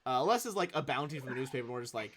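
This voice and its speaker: A man's voice: medium pitch, expressive, rapid-fire, fairly bright tone. A man running a tabletop game as game master, narrating loosely with a lot of swearing. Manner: loose, swears, lots of fillers.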